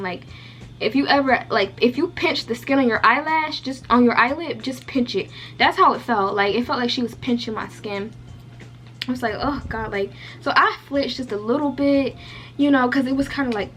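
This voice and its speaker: A woman's voice: a little high, a bit bright. Chatty young woman telling a storytime. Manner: chatty, lots of "like" fillers, candid and profane. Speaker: beauty vlogger. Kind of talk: casual storytime.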